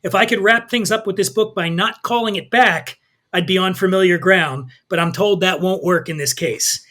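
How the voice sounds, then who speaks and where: Bright, high-voiced male storyteller. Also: moderate pace. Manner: lively, irreverent storytelling. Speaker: podcast guest, drinks writer. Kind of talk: casual chat and reading from his book.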